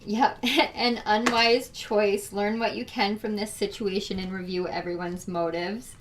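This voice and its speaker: A woman's voice: mid-range voice, fairly even intonation, measured pace, recorded from a distance, noisy background. A woman doing a casual tarot reading, chatty and emotional, with frequent laughs and fillers. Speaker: tarot reader.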